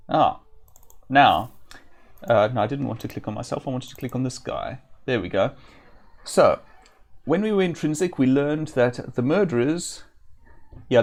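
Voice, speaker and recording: A man's voice: a little high, darkish tone. A man streaming an old role-playing game, thinking aloud and reading in-game text with many hesitant fillers. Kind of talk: live-stream gameplay commentary.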